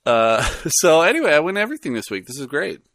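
Lively, laughing male podcast host. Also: on the high side, fairly quick, dry recording, clean studio sound. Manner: laughs often, animated and rambling. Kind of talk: casual chat.

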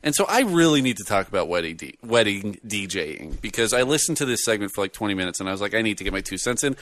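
A man's voice: fairly low pitch, fast talker, dry recording. A man hosting a casual podcast, joking and laughing often as he chats with his co-host. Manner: animated, laughs often, jokey.

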